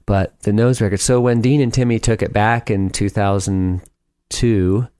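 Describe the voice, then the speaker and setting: A man's voice: lowish voice, steady tone, normal speed, warm tone, clean tone, no room sound, clean studio sound. A middle-aged man as a podcast guest, telling stories in a chatty way, laughing often and acting out what others said. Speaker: guest, speed climber. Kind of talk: casual storytelling interview.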